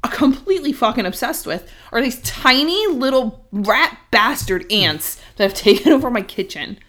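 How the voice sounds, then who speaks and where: A woman's voice: on the high side, animated, moderate pace, a bit bright. A woman co-hosting a casual podcast, talking in a loose and frank way. She swears freely and laughs easily as she grumbles about life at home. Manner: frank and profane, laughs often. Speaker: podcast co-host. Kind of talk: casual chat.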